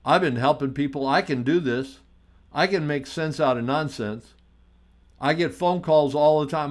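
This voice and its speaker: Older guy on talk radio, kinda high voice, blunt and preachy, keeps asking listeners stuff and restarting sentences. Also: normal speed. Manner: blunt, lecturing, with frequent restarts and direct questions to listeners. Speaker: radio host and estate attorney. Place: radio studio.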